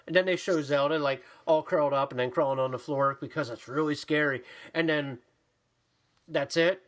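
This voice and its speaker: A man co-hosting a casual podcast, his voice sitting a little high. He talks in an animated, profane way and slips into the voices of the people he quotes. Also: normal speed. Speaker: podcast co-host. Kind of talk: casual chat, movie review.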